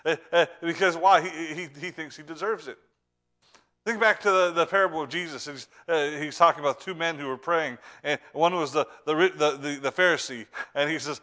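A man preaching a sermon with fervor, repeating and restarting words, swinging between loud urgent lines and hushed ones. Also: a little high, moderate pace.

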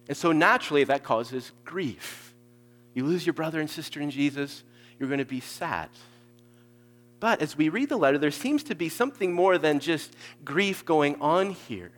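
A man preaching an expository sermon, dropping to hushed low lines and rising to loud emphatic peaks. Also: moderate pace. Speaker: pastor. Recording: long hall reverb.

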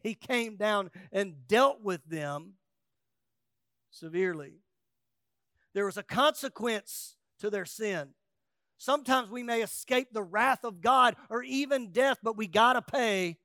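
Male pastor, high voice, emphatic sermon delivery, loud peaks and quiet asides, dry close recording. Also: lively intonation, a little slow, no room sound. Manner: acts out quoted voices with humor.

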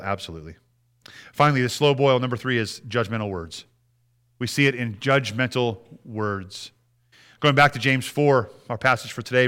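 Bright-voiced man preaching. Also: mid-range voice. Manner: conversational preaching with frequent restarts and acted-out prayers. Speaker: pastor. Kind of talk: sermon.

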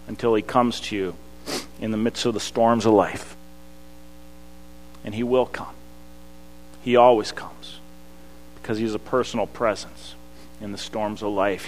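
A pastor, preaching a sermon that swings from loud to hushed. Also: male voice, mid-range voice. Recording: long hall reverb.

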